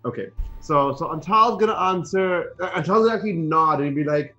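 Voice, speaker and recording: A man playing a tabletop game, talking in halting, wry bursts. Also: fairly high pitch, sharp tone, muffled recording, faint music behind. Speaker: player. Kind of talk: in-character tabletop chat.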